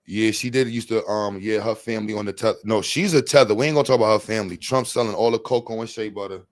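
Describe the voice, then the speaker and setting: A man hosting reaction commentary, animated and laughing, full of crude slang. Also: fairly low pitch, fast talker, no echo. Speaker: commentary host.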